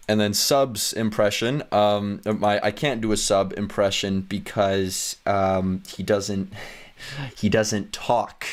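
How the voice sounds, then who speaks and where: A man's voice: lowish voice, steady tone, slow, faint music behind. A man casually reading fan stories aloud, chatty and giggly, with playful asides. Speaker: YouTuber.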